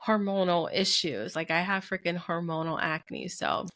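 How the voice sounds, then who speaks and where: A young adult woman co-hosting a podcast, telling personal stories in a candid, animated way with lots of fillers. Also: lowish voice, normal speed. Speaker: podcast co-host. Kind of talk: casual chat.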